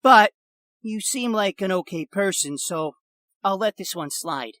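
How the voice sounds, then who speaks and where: A man's voice: high voice, lively intonation, unhurried, bright, forceful tone, no echo, full character voice. A man playing a cocky, tough-talking teenage boy. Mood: boastful. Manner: cocky, insistent, crude. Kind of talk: improvised comedy character.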